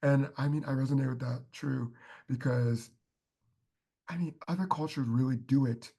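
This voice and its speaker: Husky man telling heartfelt stories. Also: mid-range voice, steady tone, normal speed, dark tone. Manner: heartfelt storytelling, many fillers like "like". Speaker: podcast guest. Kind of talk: casual podcast chat.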